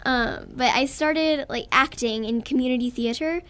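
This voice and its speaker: A woman's voice: high-pitched, normal speed, fairly bright tone. A young girl from Texas with a Texan accent, a guest actress in a radio interview, talking in a bubbly, earnest way and giggling often. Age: child.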